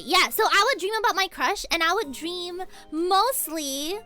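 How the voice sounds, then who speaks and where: Chatty high-voiced young woman streamer. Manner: chatty, rambling, animated with laughs and squeals. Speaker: streamer playing a game. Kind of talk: casual gaming stream chat.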